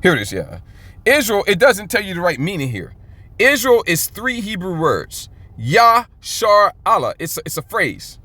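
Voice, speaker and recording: Male Bible teacher, emphatic and informal, brightish higher voice, keeps checking "okay?". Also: wildly swooping pitch, no echo. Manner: emphatic, repeats "okay?" often; reads scripture aloud slowly and stretched out.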